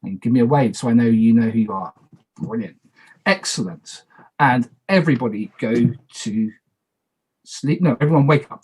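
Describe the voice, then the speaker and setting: A man's voice: medium pitch, moderate pace, a little mellow, husky. A man with an ordinary mid-range voice moderates a social deduction game over a video call. He talks in a loose, chatty way, repeating instructions and making self-deprecating asides between calls to the players.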